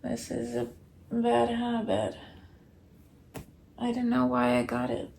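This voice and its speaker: A weary woman keeping a late-night video diary at home, talking softly and often dropping into a whisper. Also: fairly high pitch, very animated, slow, creaky, a little hiss or hum. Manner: soft, tired, often drops to a whisper. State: weary, low on energy.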